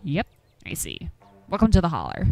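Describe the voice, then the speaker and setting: A woman's voice: on the low side, huge pitch swings, moderate pace, gravelly, warm tone, soft background music, full character voice, rough recording. A woman voicing a stubborn old rural man from the Appalachian hills, with a folksy drawl, grumbling and scolding. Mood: gruff. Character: gruff old rural man, stubborn chicken farmer and hunter.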